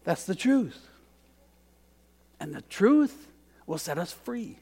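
A man preaching a sermon, moving between hushed, quiet lines and loud, emphatic ones, often repeating phrases for emphasis. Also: sits high, sing-song, slow pace. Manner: dynamic, swings from hushed to emphatic. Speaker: pastor.

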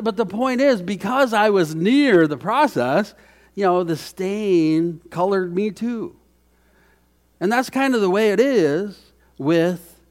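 A man's voice: sits high, a little mellow. A middle-aged man preaching a conversational sermon as pastor, folksy and chatty, with frequent restarts.

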